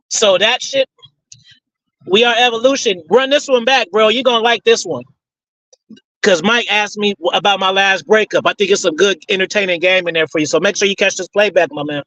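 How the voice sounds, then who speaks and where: Brief: host with a high-pitched voice, profane and slangy, recorded dry and close. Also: male voice, brisk, bright, forceful tone, no echo, low-quality recording. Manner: profane, rambling, streetwise slang. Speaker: host answering audience questions. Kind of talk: casual Q and A talk.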